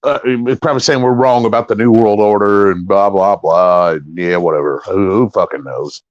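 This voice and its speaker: Brief: low-pitched man, mocking and profane, dry, muffled sound. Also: normal speed, no echo. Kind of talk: casual livestream chat.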